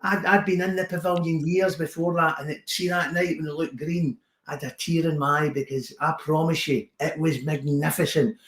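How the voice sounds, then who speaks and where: A man's voice: a little high, steady tone, normal speed, few pauses, a bit bright, reverberant, pitched above the performer's own voice, close to an everyday voice. A man voicing a sentimental older male football fan with a Scottish accent, who talks emphatically and repeats himself for effect. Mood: proud, sentimental.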